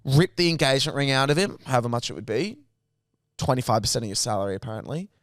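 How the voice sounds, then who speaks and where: A man's voice: mid-range voice, lively intonation, fast, no echo, clean studio sound. A young Australian man co-hosting a podcast, telling stories crudely and animatedly with lots of swearing. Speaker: podcast co-host. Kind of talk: casual chat.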